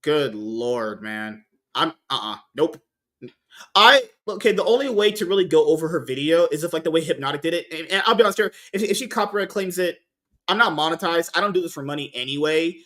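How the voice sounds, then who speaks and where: A man's voice: on the high side, animated, a little fast, a bit bright. A man hosting a casual podcast, rambling and swearing, often restarting his sentences. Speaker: podcast host.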